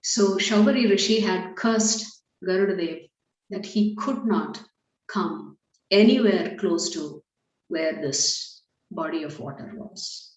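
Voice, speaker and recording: A woman giving a storytelling sermon as a temple speaker, calm and measured, with light fillers. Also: mid-range voice. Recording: echoey temple hall.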